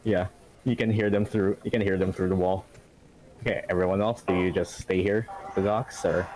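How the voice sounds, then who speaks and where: A man's voice: low voice, steady tone, fairly quick, a little mellow, slight background noise, rough recording. A man narrating a tabletop game as game master, rambling with many fillers and laughing often.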